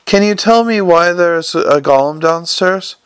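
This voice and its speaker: A man's voice: high-pitched, a little slow, a bit bright, smooth, dry recording. A man reading the part of a courteous, unflappable young police captain who calls everyone sir. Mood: politely probing. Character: polite earnest young male police captain.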